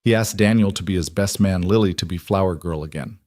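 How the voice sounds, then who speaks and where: A man reading a scripted story aloud in an even, measured way. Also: sits low, dry recording, clean studio sound. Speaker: narrator.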